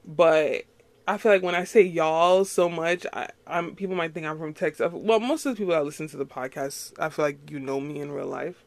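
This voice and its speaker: A woman's voice: low voice, a little fast, a little mellow, no echo. Rambling woman, dry close sound. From Queens, New York City. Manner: rambling, filler-heavy, laughs often. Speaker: podcast host. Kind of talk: casual solo podcast chat.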